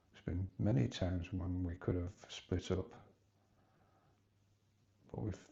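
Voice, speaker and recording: A man's voice: low voice, measured pace, vocal fry, pauses often, warm tone, muffled recording. A man in his fifties talking hesitantly in a personal confessional vlog, rambling and restarting often. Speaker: vlogger.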